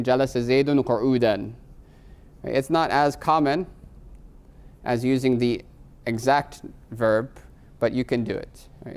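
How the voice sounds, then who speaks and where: A man's voice: mid-range voice, darkish tone, smooth. Patient man teaching Arabic grammar. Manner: explains patiently, often checks in with "right?"; moves between English and Arabic terms. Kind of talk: live class lecture.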